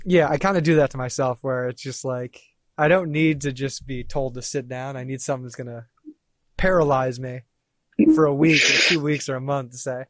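A man in his thirties, a podcast guest, telling a story in a casual, animated way and acting out what people said. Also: mid-range voice, brisk, no echo. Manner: animated, swearing, acts out quoted lines.

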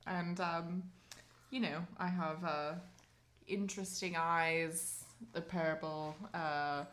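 A woman's voice: fairly low pitch, steady tone, slow pace, a bit bright. A woman voicing a drunk, aloof 87-year-old washed-up celebrity who drawls "darling" at everyone, recorded in an echoey garage. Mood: aloof, tipsy. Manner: languid, calls everyone darling.

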